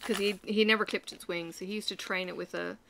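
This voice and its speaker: A crafting vlogger from Ireland talks fast in a medium-pitched, steady voice with vocal fry, over some background noise. She stitches as she tells rambling, casual stories thick with fillers.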